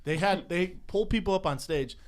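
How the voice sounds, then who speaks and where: A man's voice: high voice, fairly quick. A man co-hosting a podcast, telling stories in casual, slangy chat with laughs, acting out the people he quotes. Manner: animated, acts out quotes with shifting voices. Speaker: podcast co-host.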